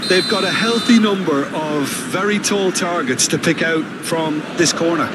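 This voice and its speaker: A man voicing a football game's co-commentator, giving measured, analytical remarks. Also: a little high, natural voice. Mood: calm. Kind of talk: game color commentary. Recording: game audio with loud background noise.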